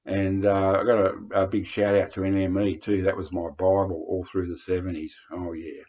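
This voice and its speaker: A man's voice: low-pitched, level tone, moderate pace. An older Australian man telling rambling anecdotes, hesitant, with many fillers and restarts. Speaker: vlogger reminiscing. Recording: dull lo-fi recording.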